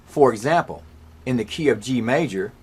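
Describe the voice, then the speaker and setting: A man's voice: mid-range voice, lively intonation, normal speed, husky. A man teaching a music lesson, patiently explaining scales step by step. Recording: faint piano playing behind.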